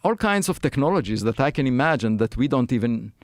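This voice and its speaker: A man's voice: medium pitch, sing-song, quick pace, no echo, clean studio sound. A man as a guest scientist in a conversational interview, speaking thoughtfully with many fillers and restarts.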